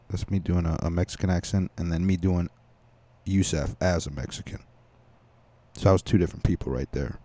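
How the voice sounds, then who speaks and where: A man's voice: low voice, a little fast, dark tone, no echo. A young man hosting a comedy podcast, rambling crudely in a casual monologue with many fillers and restarts.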